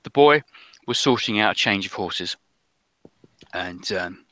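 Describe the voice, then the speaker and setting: A man narrating as game master of a tabletop role-playing game, halting, with many fillers. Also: fairly low pitch, animated, pushed and bright, no room sound.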